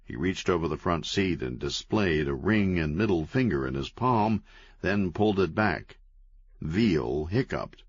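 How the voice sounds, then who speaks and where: A man narrating an audiobook in a wry, deadpan storytelling manner. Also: low voice, a little slow, husky, dry recording. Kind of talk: scripted narration. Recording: dull, lo-fi, dry.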